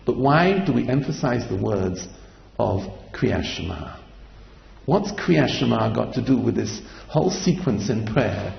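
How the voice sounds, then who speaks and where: A man's voice: medium pitch, very animated, measured pace, gravelly, reverberant, in a large hall, highs cut off. A man giving a Torah lecture as a sermon, asking repeated rhetorical questions and chanting verses. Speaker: rabbi giving a Torah class.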